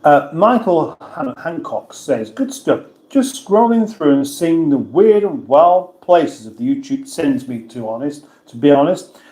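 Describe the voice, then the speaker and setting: A man's voice: on the high side, sing-song, measured pace, darkish tone, echoey room. A man hosting a casual livestream, reading viewers' comments aloud and answering them in a chatty, self-mocking way. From England. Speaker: livestream host reading chat.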